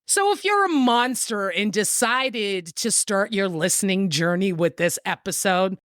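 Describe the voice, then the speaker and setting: A woman's voice: medium pitch, animated, measured pace, fairly bright tone, no echo, clean studio sound. A woman hosting a podcast, chatting in a playful, teasing way. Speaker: podcast host. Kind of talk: casual chat.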